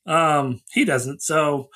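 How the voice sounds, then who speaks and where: A man's voice: a little high, pushed and bright, husky. A man hosting a casual movie review chat, recapping scenes with dry sarcasm and mock quotes. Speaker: podcast host.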